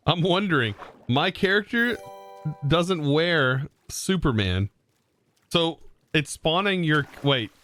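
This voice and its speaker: Excitable young man streaming a game. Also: fairly high pitch, slow, pauses often, faint music behind. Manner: excitable, exclaiming, thanks viewers. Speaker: livestream host. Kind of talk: live gameplay streaming.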